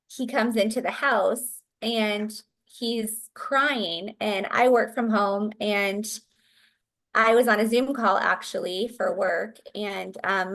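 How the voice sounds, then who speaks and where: A woman's voice: mid-range voice, a bit bright. A middle-aged woman, a guest in an interview, telling a family story in an earnest, conversational way with fillers and restarts.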